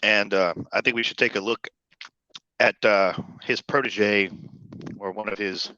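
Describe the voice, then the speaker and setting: Bright-toned man on lo-fi call audio. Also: fairly low pitch, steady tone, unhurried, no echo. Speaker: podcast co-host. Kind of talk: casual chat. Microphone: remote call.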